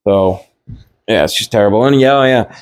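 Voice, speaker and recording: A man delivering a casual, heated political rant, halting and restarting, with frequent swearing. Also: lowish voice, clean tone, dry recording, studio quality. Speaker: political commentator. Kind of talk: casual ranting monologue.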